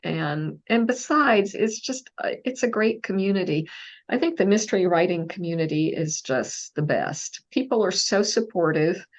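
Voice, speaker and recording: A woman with a Texan accent, a mystery novelist answering interview questions in a thoughtful, casual way with many pauses and fillers. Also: lowish voice, lively intonation. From Texas, USA.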